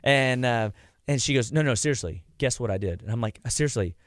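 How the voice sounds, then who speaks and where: A man's voice: medium pitch, animated, fairly quick, dry recording, clean studio sound. A middle-aged man hosting a casual radio health talk, a chatty storyteller who acts out what his patients said. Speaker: health practitioner and show host.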